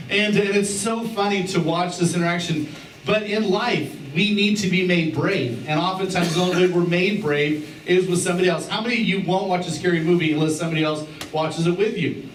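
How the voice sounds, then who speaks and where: A middle-aged pastor preaching in a relaxed, joking manner, repeating his key words for emphasis. His voice sits high for a man. It is heard from a little way off in a roomy church with faint background hum. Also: a little fast. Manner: conversational and joking, with repeated phrases. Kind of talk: sermon. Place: church sanctuary. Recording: roomy church sound from a distance.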